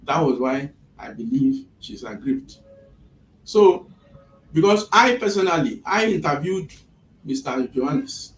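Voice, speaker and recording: A man's voice: a little high, sing-song, unhurried. A man, retelling events step by step as an employer's representative in a mediation session. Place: office. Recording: echoey room from a distant mic.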